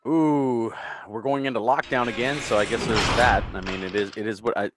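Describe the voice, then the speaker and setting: A man chatting casually with friends, easygoing and relaxed. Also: medium pitch, fairly quick. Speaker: co-host. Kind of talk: casual chat among friends.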